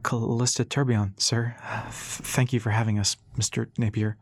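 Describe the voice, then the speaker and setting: A man's voice: medium pitch, fairly quick, no echo, natural voice. Man voicing an eager curious young woman. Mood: nervous. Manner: shaky, hopeful questions.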